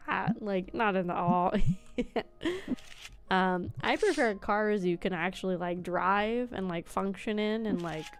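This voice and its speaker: A woman's voice: medium pitch, takes it slowly, soft background music. A woman VTuber streamer chatting casually while playing, rambling with lots of fillers, laughing often and swearing.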